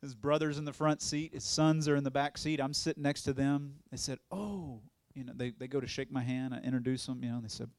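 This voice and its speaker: A man who is an evangelist, telling his testimony as a sermon in an animated storytelling way, acting out other people's voices and laughing often. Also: medium pitch, brisk, few pauses, no room sound.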